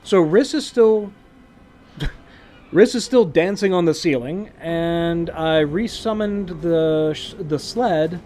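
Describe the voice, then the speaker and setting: A man's voice: a little high, slow, dark tone, a little hiss or hum. A man streaming a survival game, chatting casually with laughing asides. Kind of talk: casual gameplay commentary.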